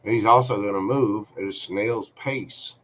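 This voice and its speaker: This tarot reader, a man hosting a live-streamed session, addresses viewers directly, chatting slowly and reassuringly. His fairly low voice has a bit of brightness, and there's a little hiss or hum in the recording.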